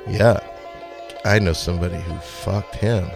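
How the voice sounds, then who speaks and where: A man hosting a comedy podcast, combative and profane, trading shouted insults with his co-hosts. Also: sits low, fairly even intonation, unhurried, gravelly, faint music behind.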